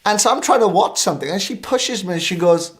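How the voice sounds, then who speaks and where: A middle-aged minister, appearing as a guest on a talk show, tells a lively anecdote full of fillers and restarts. His voice is high and his pace quick.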